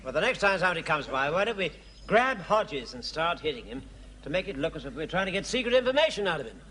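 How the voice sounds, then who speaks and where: An actor playing a mild, languid sergeant who speaks hesitantly. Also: male voice, on the high side, big pitch swings, quick pace, sharp tone. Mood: diffident.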